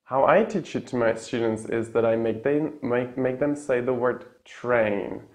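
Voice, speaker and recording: A man with Czech as his first language teaching English pronunciation in a casual lesson, repeating example words slowly and tagging sentences with "yeah?". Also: medium pitch, darkish tone. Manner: tags sentences with a questioning "yeah?".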